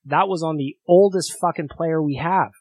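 A man's voice: fairly high pitch, moderate pace, a little mellow, slightly rough, dry recording. A male podcast host talking casually and reacting with amusement to listener voicemails.

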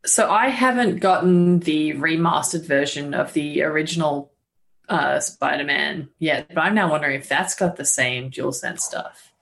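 This is a woman co-hosting a casual gaming podcast, her voice sitting a little on the low side. She chats loosely, piling on quick "like" asides as she explains things. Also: gravelly, fairly bright tone. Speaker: game journalist co-host.

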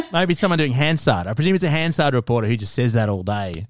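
A man hosting a podcast, joking quickly and laughing often in casual chat. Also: mid-range voice, big pitch swings, no echo, studio quality. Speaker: podcast host.

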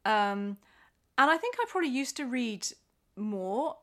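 A woman's voice: fairly high pitch, unhurried. Chatty middle-aged woman, laughing storyteller. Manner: animated storyteller, laughs often, many restarts. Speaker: author guest. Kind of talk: casual chat.

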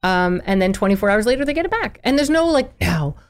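A woman child therapist in a podcast interview, explaining parenting in an animated way and acting out parents and children. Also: on the high side, fast talker, clear, resonant tone.

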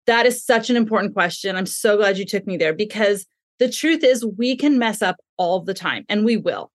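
A woman explaining parenting ideas in a calm, thoughtful way in a podcast conversation. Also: medium pitch, moderate pace, dry recording, clean studio sound. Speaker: parenting expert guest.

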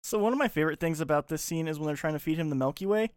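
A man's voice: a little high, racing, smooth, no echo. A man chats about a movie with wry, understated comments. His voice sits close and dry with no room sound. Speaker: podcast co-host. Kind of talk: casual chat about a movie.

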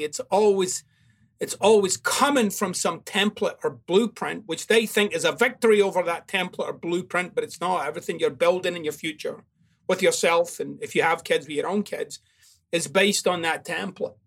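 A man's voice: high voice, moderate pace, vocal fry, a bit bright. A man hosting a self-help show, giving a blunt, confrontational monologue full of swearing. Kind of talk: motivational monologue.

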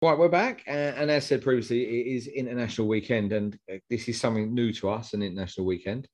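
A man's voice: mid-range voice, quick pace, soft background music. A man hosting a casual football podcast, chatty and rambling, often repeating himself. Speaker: podcast host. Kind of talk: casual chat.

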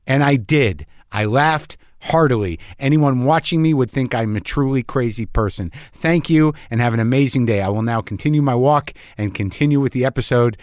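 A man's voice: mid-range voice, normal speed, hardly any pauses, a little mellow, no room sound, studio quality. A middle-aged man hosting a podcast from his garage, talking in a wry, playful, riffing way. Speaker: podcast host. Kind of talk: casual podcast monologue. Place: home garage studio.

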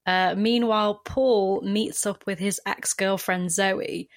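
A woman's voice: medium pitch, fairly even intonation, slow. A woman co-hosting a podcast, recapping a film in wry, casual chat. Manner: chatty, wry, summarizing plot with dry jokes. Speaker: podcast co-host.

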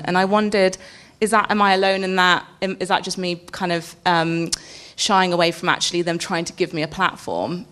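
Woman host of a panel podcast, relaxed and chatty, laughs easily, lowish pitch. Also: fairly quick, hardly any pauses. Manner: chatty, laughs between questions. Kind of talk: live panel podcast chat.

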